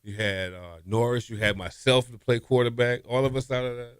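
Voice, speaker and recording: This guest is a middle-aged former college quarterback whose brisk, smooth delivery carries his stories through a relaxed interview. He's an animated storyteller who laughs a lot and voices other people's lines in a higher pitch. There's no room sound; the audio is studio quality.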